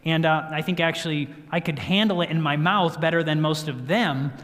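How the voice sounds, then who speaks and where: A man giving a health talk at a church, telling a story in an animated way and acting out what people said. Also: fairly high pitch, moderate pace. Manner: storytelling, animated, acts out quotes. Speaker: guest speaker. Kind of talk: sermon-style health talk. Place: church sanctuary. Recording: church hall reverb.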